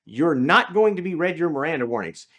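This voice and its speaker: This is a man, speaking as a lawyer in casual conversation. His voice sits a little high, and he tells stories in a rambling way, peppered with fillers and restarts. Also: animated, brisk, a bit bright. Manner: chatty, storytelling, many fillers and restarts. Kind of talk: casual legal discussion.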